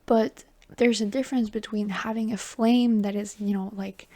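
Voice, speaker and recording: A woman giving a tarot reading, talking softly and reassuringly, often dropping into a whisper and calling the listener baby or honey. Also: medium pitch, steady tone, normal speed. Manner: chatty and affectionate, calls the listener baby and honey. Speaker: tarot reader. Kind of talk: intuitive tarot reading to viewers.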